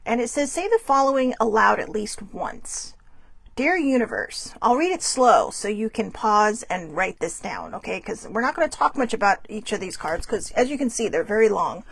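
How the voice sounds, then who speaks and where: A woman hosting a casual spiritual card reading, chatty and self-correcting, reading passages slowly aloud. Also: medium pitch, big pitch swings, gravelly, breathy edge, no room sound. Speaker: host reading oracle cards.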